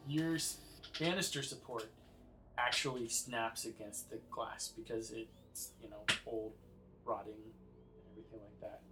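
A man's voice: medium pitch, pushed and bright, slight background noise, low-quality recording. A man narrating as game master of a tabletop game, in a loose style full of "like" fillers.

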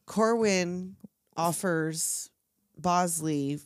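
A woman's voice: fairly low pitch, drawn-out words, no room sound, clean studio sound. A woman co-hosting a casual movie podcast, jokey and swearing freely. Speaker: podcast co-host. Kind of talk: casual movie recap chat.

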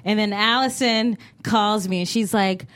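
A young woman co-hosting a live comedy podcast on stage, chatting playfully and breaking into loud exclamations. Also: mid-range voice, fairly even intonation, measured pace. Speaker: podcast co-host. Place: live stage show before an audience.

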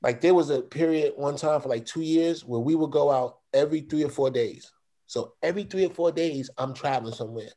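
A middle-aged man, a guest on an interview show, telling a personal story in a relaxed, slangy way. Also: a little high, a little fast. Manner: laid-back, slangy, animated when quoting others. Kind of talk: casual storytelling.

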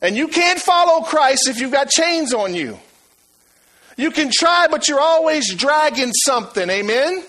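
A man delivers a sermon in a high, bright voice. He repeats his words for emphasis and swings from loud urging to hushed asides. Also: sing-song, measured pace, poor audio. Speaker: preacher.

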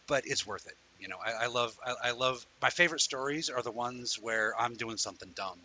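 A man's voice: medium pitch, brisk, pushed and bright, rough recording. A man hosting a live online talk show, chatting in a rambling way and telling stories animatedly to viewers he greets by name. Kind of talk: casual livestream chat.

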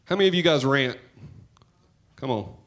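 A man preaching a sermon in church, talking to the congregation in a conversational, joking way and swinging between loud and hushed. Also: medium pitch, animated, moderate pace. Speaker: pastor.

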